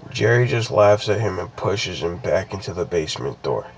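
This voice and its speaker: A man's voice: deep voice, animated, normal speed, slight background noise, rough recording. A young man casually reading a creepypasta aloud, stopping often to ramble and restart his sentences with lots of fillers. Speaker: creepypasta reader.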